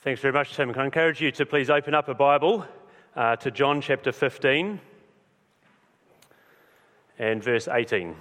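A male preacher delivers a sermon in an easygoing, conversational manner, often pausing on "uh" and restarting his sentences. His voice sits at an ordinary middle pitch, and the room lends it a long, ringing reverb. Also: fairly bright tone. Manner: conversational, many fillers. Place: church hall. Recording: long church-hall reverb.

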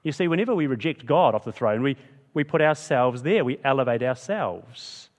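A man's voice: medium pitch, animated, moderate pace, big-room sound. A man preaching a sermon in a chatty, conversational way, often asking the listeners rhetorical questions. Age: adult with school-age kids.

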